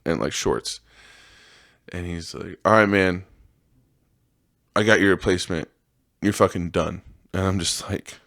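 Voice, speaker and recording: A man's voice: low-pitched, no echo, clean studio sound. A man hosting a podcast, telling rambling, profane stories about his old jobs in a casual monologue and acting out the people in them. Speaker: podcast host.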